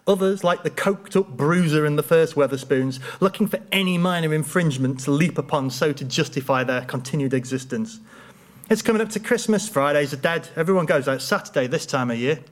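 Male storyteller, dry wit, deadpan delivery, slightly high voice. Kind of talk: humorous personal storytelling.

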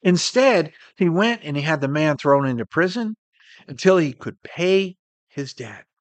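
A man delivers an earnest sermon in a voice pitched a little high. He swells up on key points and drops to a soft hush, and the sound is close and dry with no room behind it. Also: expressive, measured pace, no room sound. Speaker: preacher.

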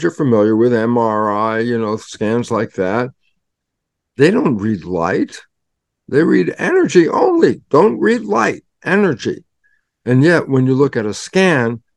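An older man, a guest scientist, explaining in an animated storytelling way and acting out both sides of his own dialogues. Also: mid-range voice, gravelly, no echo.

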